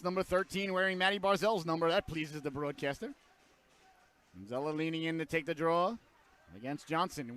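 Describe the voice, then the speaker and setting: A man calling a hockey game play by play, a little hoarse, filling the quiet stretches with rambling jokey asides and rising to loud excitement on shots and goals. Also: high voice. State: hoarse throat, clearing it. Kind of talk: live sports commentary.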